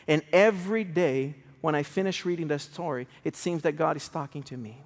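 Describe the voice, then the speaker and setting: High-voiced man preaching in a reverberant hall. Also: a little fast. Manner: emotional, swings from hushed to raised. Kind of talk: sermon storytelling.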